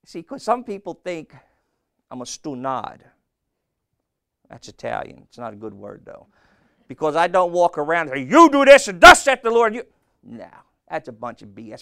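A man's voice: mid-range voice, vocal fry, a bit bright, no room sound, studio quality. A man preaching a sermon in a blunt, folksy way, often throwing questions back at the congregation. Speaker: pastor.

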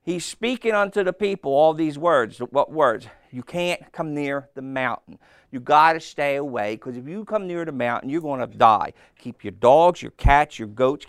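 A man preaching a sermon, telling a story with lively, playful asides and asking his listeners questions. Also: mid-range voice, no echo, clean studio sound. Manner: animated storytelling, acting out voices, asks the crowd questions.

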